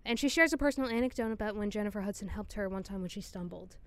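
A woman's voice: medium pitch, very fast, fairly bright tone, a little hiss or hum. A young woman co-hosting a podcast, casually recapping a TV show with frequent ums and blunt opinions. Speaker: podcast co-host.

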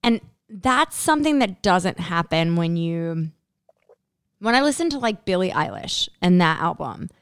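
Chatty woman with a smooth low voice. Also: unhurried, no echo, studio quality. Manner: chatty, animated storytelling. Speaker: podcast co-host. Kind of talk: casual chat.

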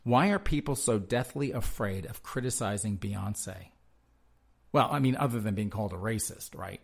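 Man, show host, sarcastic rambling commentary, gravelly voice, lowish pitch. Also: lively intonation, normal speed. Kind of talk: casual commentary reading articles.

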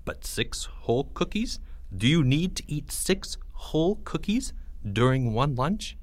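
A man voicing a quiet, reasonable schoolboy friend in a storybook reading. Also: a little high, big pitch swings, unhurried, voice pushed up. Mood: reasoning.

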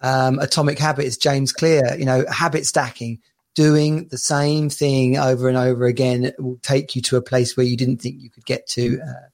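A male podcast host with a gravelly, fry-laden voice at a middle pitch. He talks casually and hesitantly, pausing often as he frames his questions. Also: flat delivery, darkish tone. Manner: conversational, hesitant, many fillers. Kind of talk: casual interview.

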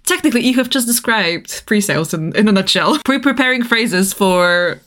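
Animated and a bit bright, a woman with a medium-pitched voice speaks at a moderate pace, with a little hiss or hum on the audio. She co-hosts a podcast in northeast England in casual chat, speaking English as a non-native speaker, laughing often and restarting her sentences.

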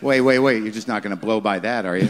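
A man hosting a live podcast taping, jumping in with quick questions. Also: on the low side. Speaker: podcast host. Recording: live crowd in the room.

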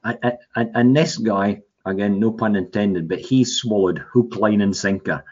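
A low-voiced man in his sixties rambles through his stories, full of fillers and restarts. The sound is dull and lo-fi. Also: normal speed, darkish tone, breathy edge. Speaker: guest. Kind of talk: casual storytelling.

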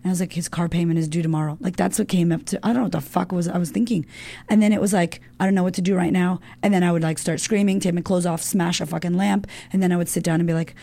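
A woman's voice: fairly low pitch, fairly even intonation, fast talker, creaky, warm tone. A woman guest in an interview, telling a personal story casually and candidly, swearing often and filling her talk with "like".

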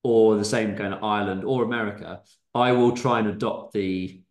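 Low-voiced man in an echoey room. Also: steady tone, normal speed, darkish tone. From England. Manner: dry quips, chuckling. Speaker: podcast co-host. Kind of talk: casual chat.

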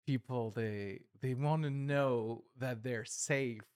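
A man comedian in a casual conversation, talking in a relaxed, hesitant way with many fillers. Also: medium pitch, slow, clean tone, no room sound, clean studio sound. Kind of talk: casual chat.

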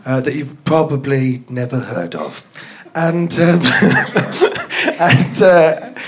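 A man's voice: a little high, wildly swooping pitch, very slow. A young man from North London chatting casually in front of a live audience, rambling and poking fun at himself. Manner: rambling, self-deprecating, laughs at own jokes.

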